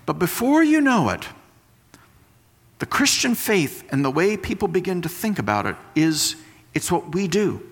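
A man preaching with a lively, rising and falling voice, his sentences ringing out in a long hall reverb. He explains slowly, then repeats key phrases for weight, using everyday comparisons to teach his congregation. His voice sits fairly high for a man. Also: slightly rough. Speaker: pastor. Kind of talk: sermon.

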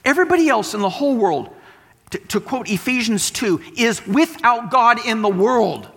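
A man's voice: very high-pitched, lively intonation, moderate pace, vocal fry, a bit bright, slightly rough. A man preaching a sermon, explaining and repeating points for emphasis. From West Texas. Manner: explanatory, emphatic teaching with repetition. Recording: long hall reverb.

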